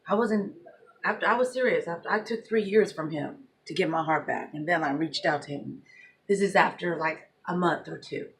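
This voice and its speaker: A woman in her thirties, a single mother, telling a personal story in a blunt, animated monologue with heavy swearing. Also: on the low side, normal speed.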